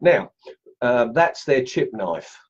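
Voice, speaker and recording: A middle-aged Australian man hosting a casual woodcarving livestream from his home workshop, chatty and excitable, laughing as he tests knives and greets viewers. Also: medium pitch, takes it slowly, breathy edge, lo-fi sound. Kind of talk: casual live-stream chat, unboxing and testing knives.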